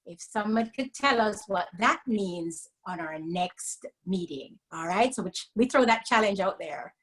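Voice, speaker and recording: A woman, co-hosting a casual live-stream chat over a video call, explaining things in a measured way. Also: medium pitch, expressive, fairly bright tone, husky, rough recording. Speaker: co-host.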